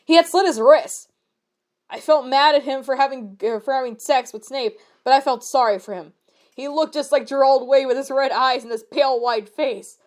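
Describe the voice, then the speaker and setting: High-voiced woman reading fanfiction aloud. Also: normal speed. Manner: exasperated, incredulous asides between read passages. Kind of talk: reading aloud with comic commentary.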